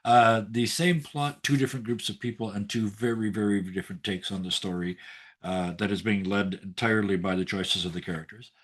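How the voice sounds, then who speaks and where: A man's voice: lowish voice, fairly even intonation, fairly quick, fairly bright tone, breathy edge. A man chatting casually on a tabletop gaming stream, laughing often and using lots of fillers. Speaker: game master and player introducing himself.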